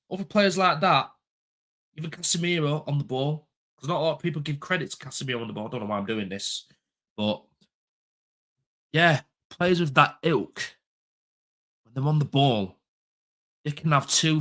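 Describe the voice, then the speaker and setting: A man's voice: fairly high pitch, pushed and bright. A young man, talking football as a pundit in a heated casual chat. He is passionate and blunt, swears freely and repeats his points for emphasis.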